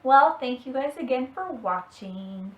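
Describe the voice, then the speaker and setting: A woman's voice: sits high, lively intonation, a little slow, lo-fi sound. A young woman hosting a casual beauty vlog, bubbly and giggly. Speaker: beauty vlogger. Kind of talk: casual chat. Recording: echoey room, faint noise.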